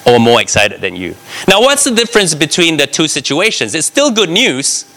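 A man preaching a sermon, reading scripture and explaining it, often asking the congregation "right?". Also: high voice. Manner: animated, talks to the congregation with frequent "right?".

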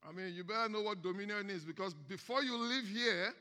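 A man with a Nigerian accent preaching a lively sermon as guest preacher, calling on the congregation to repeat after him. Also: high-pitched, brisk. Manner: energetic, call-and-response with congregation. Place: large church hall. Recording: long reverb of a large hall.

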